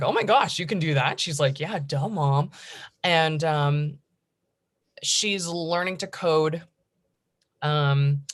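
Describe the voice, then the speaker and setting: A woman in her thirties from the United States, speaking as a panelist in a conference discussion, chatty and animated. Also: sits low.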